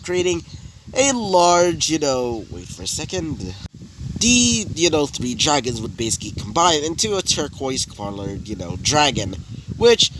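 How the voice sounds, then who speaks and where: A young man narrating an improvised fan story casually, rambling with heavy fillers and swearing. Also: on the high side. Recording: noisy home recording.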